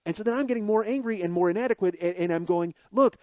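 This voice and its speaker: A man's voice: high voice, very fast, warm tone, no echo. A man in his forties, a podcast host, telling a comic personal story in a profane, rambling, self-deprecating monologue. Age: 40s.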